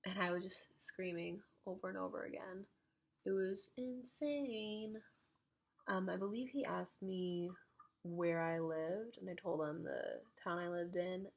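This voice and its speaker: Woman, casual storytime, lots of "like", raspy vocal fry, breathy. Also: lowish voice, a little slow. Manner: excitable, chatty, heavy use of "like". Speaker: storytime vlogger.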